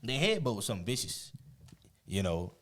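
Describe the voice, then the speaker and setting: Animated man telling a story. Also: fairly low pitch, brisk. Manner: animated, laughing, acts out quotes. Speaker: guest. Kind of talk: casual storytelling.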